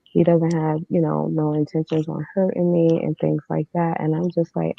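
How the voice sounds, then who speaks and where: A woman's voice: low-pitched, flat delivery, moderate pace, vocal fry, no echo. A woman telling her own story as a guest, in a candid, matter-of-fact way with casual fillers. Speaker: podcast guest. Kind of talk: personal storytelling. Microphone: remote streaming setup. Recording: dull lo-fi online stream.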